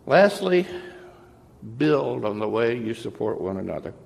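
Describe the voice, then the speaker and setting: Gravelly-voiced interim pastor, mid pitch, earnest and measured sermon, long church reverb. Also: male voice, sing-song, darkish tone. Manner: earnest, measured preaching with pauses. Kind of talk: farewell sermon. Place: church sanctuary.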